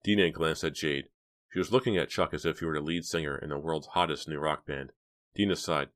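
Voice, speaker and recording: A man narrating a teen horror novel as an audiobook reading, measured in his storytelling. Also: extremely low pitch, steady tone, fairly bright tone.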